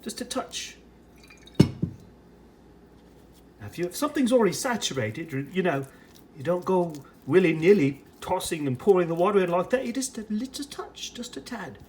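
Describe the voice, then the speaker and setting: An American food reviewer puts on a British accent for a casual vlog, chatting through a running commentary as he prepares and tastes ration food. The voice is mid-range and sing-song at normal speed, pausing often over background noise.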